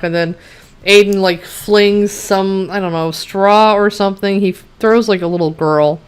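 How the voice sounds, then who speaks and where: A woman with a lowish, smooth and clear voice rants through a TV recap. Her tone is blunt and sarcastic, with freely dropped swear words. Chatty "you know" and "like" asides run all through her talk. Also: steady tone, a little slow. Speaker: TV show reviewer. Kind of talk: casual rant recapping an episode.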